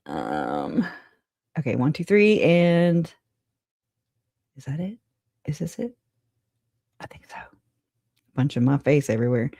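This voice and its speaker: A woman's voice: low-pitched, very animated, a little slow, pauses often, dark tone, no room sound, clean studio sound. A woman hosting a casual live stream, chatting loosely with viewers, laughing often and swearing casually. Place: home.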